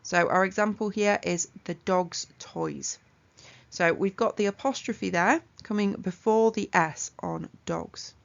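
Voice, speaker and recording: A woman teaching an exam revision lesson, explaining punctuation rules clearly and methodically with examples. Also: medium pitch, a little slow, lo-fi sound. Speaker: English tutor.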